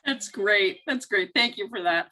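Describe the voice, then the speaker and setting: A woman's voice: mid-range voice, unhurried, bright, forceful tone. A woman instructor leading an online class discussion over a video call, reflective and prone to repeating her key points.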